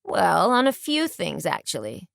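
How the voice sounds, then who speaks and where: Storybook role: woman voicing a smug young gentleman, lowered, slow and sneering. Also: fairly even intonation, clean tone, no echo, clean studio sound, natural voice. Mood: mocking. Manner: sneering, drawling sarcasm. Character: sly, sarcastic young gentleman.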